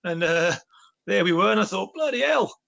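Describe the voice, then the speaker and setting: A man's voice: high-pitched, fairly even intonation, moderate pace, vocal fry, pushed and bright, highs cut off. A man, a former footballer chatting as a guest, rambling with many restarts. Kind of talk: casual chat.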